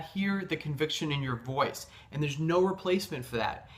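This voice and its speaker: A man's voice: fairly high pitch, lively intonation, moderate pace. A man giving a motivational sales-coaching talk, emphatic and insistent, with loose phrasing full of fillers and restarts. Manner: emphatic, insistent about conviction.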